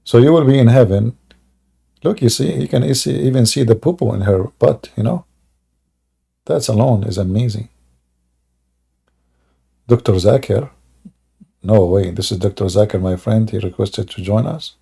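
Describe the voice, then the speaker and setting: A man hosting a live stream with mocking, sarcastic commentary and broken English grammar, often rising into loud taunting exclamations. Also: on the low side, moderate pace, creaky, long pauses, breathy edge.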